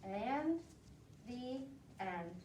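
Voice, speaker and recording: A woman teacher reads a picture book to small children in a high, lively, sing-song voice, taking her time and stopping to ask questions. She sounds some way from the mic in an echoey room with faint noise behind her. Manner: slow, expressive, asks the children questions. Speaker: preschool teacher. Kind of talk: interactive picture-book read-aloud for young children. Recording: roomy echo, voice from a distance, faint noise.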